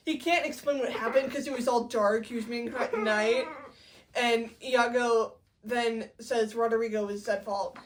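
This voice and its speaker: A woman's voice: on the high side, fairly even intonation, normal speed, far from the mic, slight background noise. A woman casually recapping a play as co-host, chatty with wry asides.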